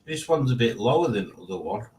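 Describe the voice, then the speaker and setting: A man's voice: mid-range voice, sing-song, fast talker. A man in his late forties hosting a casual live stream, rambling and reading out chat with self-mocking asides. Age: 40s.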